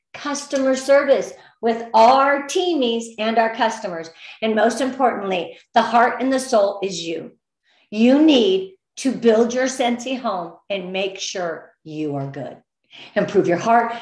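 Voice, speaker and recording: A bright, higher-pitched middle-aged woman leads a motivational business training, upbeat and encouraging. She gets emotional at times, and her voice rings in an echoey room. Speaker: direct sales team leader.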